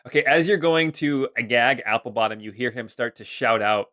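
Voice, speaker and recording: A man's voice: mid-range voice, a little fast, pushed and bright, dry recording, clean studio sound. A man narrating as game master of a tabletop game, rambling with many fillers.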